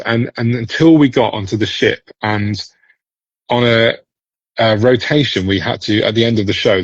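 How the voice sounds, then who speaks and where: A man from Britain, a guest actor chatting in an interview, telling animated stories with frequent laughs and restarts. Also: lowish voice, breathy edge, no room sound, muffled recording. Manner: animated storyteller, laughs often, many restarts. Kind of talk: casual interview chat.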